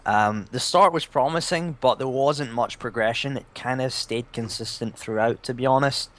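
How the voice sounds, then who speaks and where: A man's voice: mid-range voice, moderate pace, fairly bright tone. A man judging game montages in casual chat, hesitant and full of restarts. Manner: hesitant, many fillers and restarts. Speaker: montage judge.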